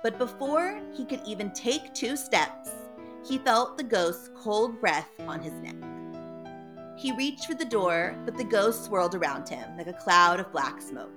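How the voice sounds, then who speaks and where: A woman's voice: mid-range voice, big pitch swings, measured pace, over music. A woman reading a ghost story aloud in a dramatic, playful way.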